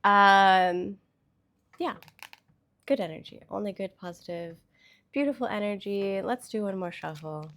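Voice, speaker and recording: A woman's voice: medium pitch, animated, slow, pauses often, fairly bright tone. A woman hosting a casual tarot reading vlog, chatty and loose, with the odd swear word. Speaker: tarot reader.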